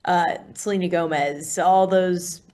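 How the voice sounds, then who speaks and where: A woman in her twenties co-hosting a casual podcast, relaxed and peppering her speech with "like". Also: lowish voice, a little slow. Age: 20s. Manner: relaxed, speaks with frequent "like". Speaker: podcast co-host.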